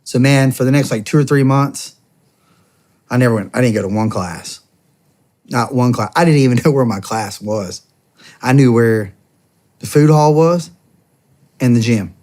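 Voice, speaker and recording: A man in his thirties tells a long personal story as a podcast guest, in a medium-pitched voice. His talk is loose and slangy. He laughs along the way and slips into the voices of the people he quotes. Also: moderate pace, long pauses. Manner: animated, acts out dialogue in quoted voices. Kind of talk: casual storytelling.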